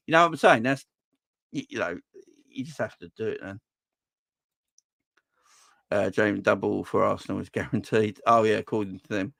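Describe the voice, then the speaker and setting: Fan-channel host, casual comment-reading chat, dry close sound, voice leaps up when riled. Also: male voice, moderate pace, vocal fry, no room sound. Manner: animated, voice jumps high when ranting.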